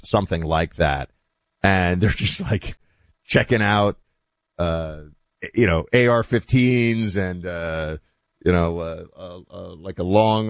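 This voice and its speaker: A man hosting a talk show, chatting in a loose, animated monologue with asides that trail off quietly. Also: low voice, no room sound. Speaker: host.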